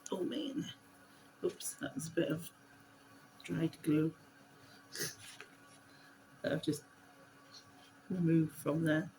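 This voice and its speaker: A woman's voice: sits low, fairly even intonation, takes it slowly, pauses often, mellow, a little hiss or hum, low-quality recording. A woman, chatting casually and giggling at herself while crafting on her vlog. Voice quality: giggly, self-deprecating, chatty. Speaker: vlogger host.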